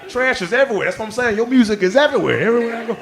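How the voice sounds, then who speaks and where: A male stand-up comedian performing a live set on a club stage, excitable and playful, working the crowd and leaping into squealing quoted voices. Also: extremely high pitch, racing. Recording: live club recording with crowd laughter and noise.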